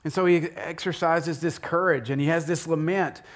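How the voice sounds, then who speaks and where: A pastor giving a sermon, retelling a story in an animated, conversational way with asides to the congregation. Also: male voice, a little high, moderate pace.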